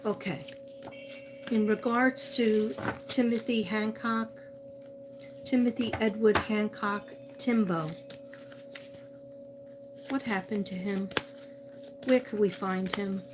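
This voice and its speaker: A woman's voice: medium pitch, fairly even intonation, slow, pauses often, background noise. A woman psychic medium doing a livestream reading, calling out to a missing person and repeating his name as she searches. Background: music.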